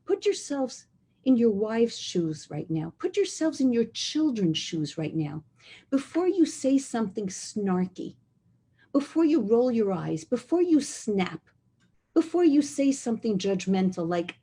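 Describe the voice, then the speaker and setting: A middle-aged woman giving an inspirational talk on relationships, earnest and emphatic, slowing down to repeat key phrases. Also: a little high, sing-song, mellow, slightly rough. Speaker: speaker on relationships.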